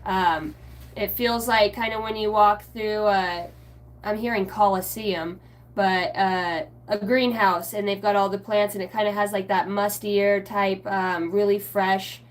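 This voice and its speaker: A woman's voice: mid-range voice, steady tone, a little slow. A woman giving a casual livestream spiritual reading. She rambles, trails off mid-thought and swears now and then. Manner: self-mocking aside, often trailing off mid-thought. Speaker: spiritual reader answering viewers live.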